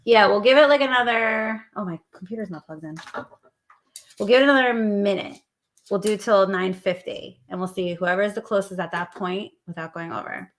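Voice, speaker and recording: A woman's voice: mid-range voice, moderate pace. A woman co-hosting a casual live stream, chatting and reading out lists of viewer guesses. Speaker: livestream co-host.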